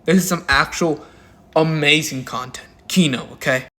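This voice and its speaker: A man's voice: a little high, moderate pace, sharp tone. A man doing drama commentary in a crude, mocking and heavily profane way. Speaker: commentary YouTuber.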